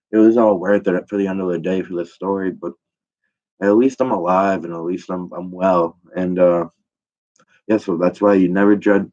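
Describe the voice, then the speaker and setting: Deep-voiced man rambling through a profane story. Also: a little mellow. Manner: profane, rambling, full of fillers. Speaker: comedian. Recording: dull lo-fi recording.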